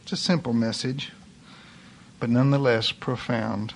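A man preaching a sermon, telling a story with passion, swinging from loud cries to hushed lines. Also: mid-range voice, fairly even intonation, measured pace, creaky, slight background noise.

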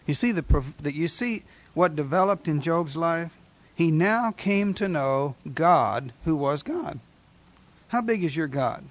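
A male preacher delivering a sermon with a fairly high voice. He speaks with emphasis and drives his points home with repeated rhetorical questions to his listeners. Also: lively intonation, a little slow.

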